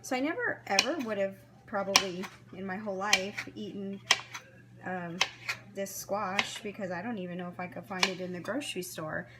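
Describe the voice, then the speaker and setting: With heavy background noise of clattering knives, dishes and pans, a home cook narrates a casual cooking vlog from her kitchen. She speaks to the camera at a moderate pace in a medium-pitched voice, chatting and thinking aloud as she chops vegetables and follows a recipe.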